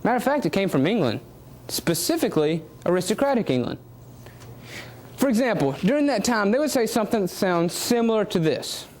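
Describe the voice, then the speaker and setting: A man's voice: high voice, brisk. A young man with a Southern US accent giving a competition speech, asking the audience questions as he goes. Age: young adult. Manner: animated, rhetorical questions to the audience. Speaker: student public speaking contestant.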